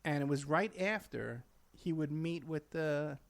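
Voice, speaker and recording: Man, talk-show guest, slightly higher voice, agreeable, recounts details with ums. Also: unhurried, vocal fry. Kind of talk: casual conversation.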